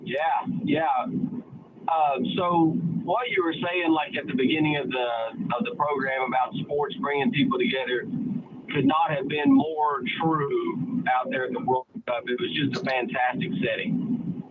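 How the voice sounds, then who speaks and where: Male caller, slightly high voice, halting delivery, tinny noisy phone line. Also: animated. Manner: hesitant, filler-heavy storytelling. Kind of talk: phone-in chat.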